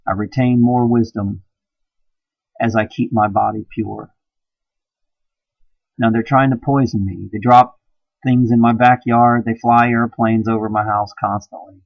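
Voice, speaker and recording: A man giving an impassioned, preachy monologue, swinging between hushed and loud emphasis. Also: medium pitch, flat delivery, measured pace, gravelly, long pauses, no room sound, muffled recording. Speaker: video blogger.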